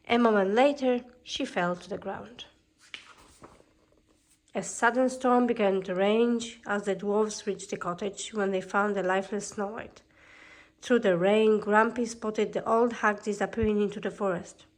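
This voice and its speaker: A woman narrating a fairy tale as a calm storybook reading. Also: mid-range voice, a little slow.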